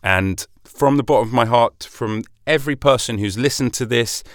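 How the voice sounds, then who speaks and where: A British man with a middle-pitched voice holds forth on his solo podcast, chatty and opinionated and full of rhetorical questions. The sound is dry and close to the mic, with no room around it. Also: moderate pace, dry recording. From Britain. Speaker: podcast host.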